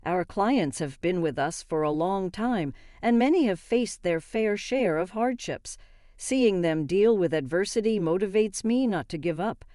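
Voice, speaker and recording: A woman reading a first-person story aloud in a steady, even manner. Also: mid-range voice, a little slow, dry recording, clean studio sound. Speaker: narrator.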